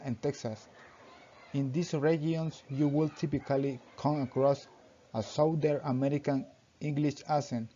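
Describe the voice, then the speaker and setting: Young man, student presentation, halting read-aloud phrasing, mellow dark voice, muffled lo-fi recording. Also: mid-range voice, a little hiss or hum. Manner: reads in short halting phrases with grammar slips. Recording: dull lo-fi recording.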